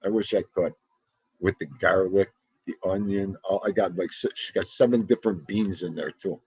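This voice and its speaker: Husky, low-voiced man chatting on a stream. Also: moderate pace, darkish tone, dry recording. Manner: chatty, laughing, talks back to the chat. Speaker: livestream host. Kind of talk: casual chat with live viewers.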